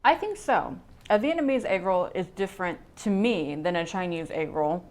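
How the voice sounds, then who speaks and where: Chatty lower-voiced woman guest. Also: animated, moderate pace, darkish tone. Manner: chatty, enthusiastic about food. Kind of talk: casual chat.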